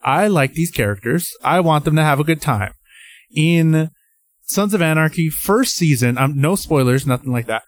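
A man co-hosting a podcast in casual chat, rambling and excitable, sometimes jumping way up in pitch. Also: moderate pace, no echo. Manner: rambling, excitable, jumps to high pitch when acting out his own thoughts. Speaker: podcast co-host.

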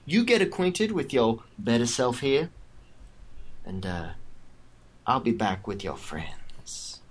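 A man's voice: mid-range voice, sing-song, slow, husky, pitched below the performer's own voice, full character voice. A man doing a sly Baroness villainess. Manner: drawling, syrupy, calls others honey. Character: scheming female villain baroness, sweet-talking.

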